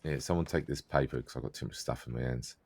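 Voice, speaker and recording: A man with a very deep voice and a gravelly edge chats in character during a roleplay. He explains things in a patient, measured way, and the sound is close and dry. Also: darkish tone, dry recording. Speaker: roleplay player.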